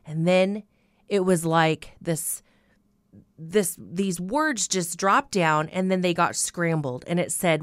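A woman's voice: fairly low pitch, takes it slowly, no room sound, studio quality. A woman hosting a Christian radio show, telling a personal faith testimony in an earnest storytelling way, with frequent fillers like "you know".

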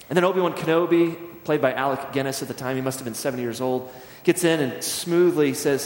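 Middle-aged pastor preaching in an echoey hall. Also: male voice, a little high, fast talker, few pauses. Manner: conversational storytelling, acts out scenes. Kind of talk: sermon. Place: church sanctuary.

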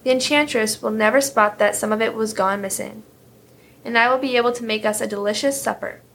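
A woman's voice: a little high, steady tone, brisk, a bit bright. A woman reading a yearning, coaxing wife. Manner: longing and coaxing. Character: yearning, wheedling woodcutter's wife.

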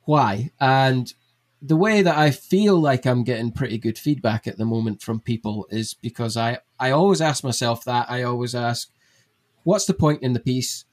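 A man's voice: medium pitch, moderate pace. A young man, a TV gardening presenter, chatting as a podcast guest and breaking ideas down step by step. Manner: chatty, explains things step by step. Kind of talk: casual podcast chat.

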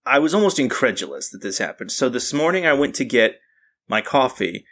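A man's voice: medium pitch, very animated, brisk, fairly bright tone. A man co-hosting a podcast, joking crudely and telling stories in casual chat. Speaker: podcast co-host.

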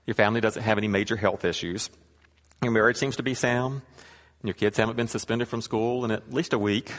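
A man's voice: mid-range voice, in a large hall. A man giving a sermon in a conversational, wry way, with scripture reading and asides. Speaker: preacher.

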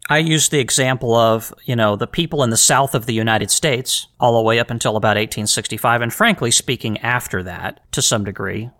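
Man, podcast host, solo monologue, bright clear voice, emphatic, repeats himself. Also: medium pitch, fairly quick, few pauses. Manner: earnest, emphatic, rhetorical questions; repeats words and restarts phrases.

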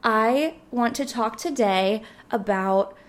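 A young woman in her twenties hosts a casual solo podcast, rambling cheerfully with plenty of filler words. Her voice sits a little high and sounds slightly hoarse, as if she is losing it. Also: slow. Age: 20s. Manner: rambling, chatty, full of "like" fillers. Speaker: podcast host.

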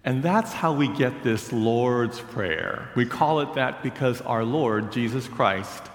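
Slow-speaking pastor in an echoey hall. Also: male voice, mid-range voice. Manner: storytelling, slow and deliberate. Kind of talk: sermon.

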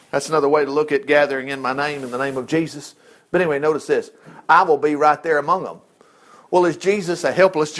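Brief: male preacher, folksy and animated, high voice that swings widely. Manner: folksy, animated, laughs often, acts out quotes. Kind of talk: sermon.

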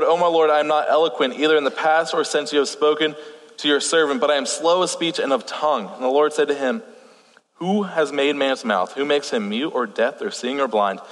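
A young man with a fairly high voice delivers a relaxed, joking sermon and reads scripture aloud. A slight lisp and stutter slip through now and then. His words trail into a long reverb from the church hall. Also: moderate pace. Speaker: youth pastor. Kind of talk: casual sermon.

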